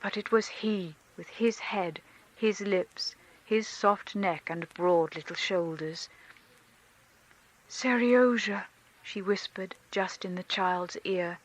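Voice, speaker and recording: A woman reading a classic novel aloud in a measured, expressive narration. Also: lowish voice, rough recording. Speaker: audiobook reader.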